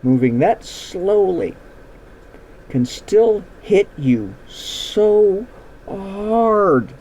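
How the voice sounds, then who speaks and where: A ranch woman speaks in a measured, reflective way, a bit higher and slightly louder than the storyteller's own voice, as he puts her on. Her tone is mellow and animated. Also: slight background noise, full character voice. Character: calm, wry ranch woman recalling a fall.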